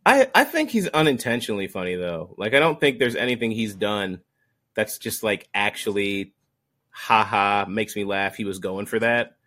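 A young man co-hosting a podcast in casual chat, animated, laughing often and swearing freely. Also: fairly low pitch, normal speed. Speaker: podcast co-host.

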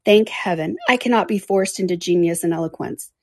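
A woman reading aloud, voicing a reserved, melancholy young man in a quiet, lowered voice. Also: a little fast, no room sound. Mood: subdued.

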